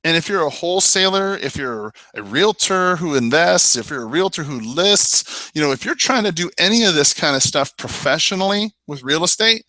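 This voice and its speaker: A man teaching sales in a webinar, with a slightly high, very lively voice that swings widely in pitch. His tone is bright and punchy, and he talks straight at the listener with rhetorical questions. The sound is close and dry. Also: moderate pace, hardly any pauses, no room sound. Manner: emphatic, persuasive, repeats "I mean" and "you know". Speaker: real estate sales trainer.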